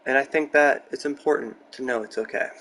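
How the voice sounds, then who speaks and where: A young man chatting casually and candidly while building in a game, rambling through stories, excitable, close to his microphone. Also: mid-range voice, normal speed, poor audio. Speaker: gaming streamer. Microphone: close desk mic.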